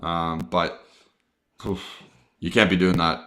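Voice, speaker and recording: Blunt american guy on a fan podcast, really deep voice but bright and forceful. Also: level tone, slow. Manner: blunt, opinionated, says sorry while correcting himself. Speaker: podcast co-host. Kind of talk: casual football chat.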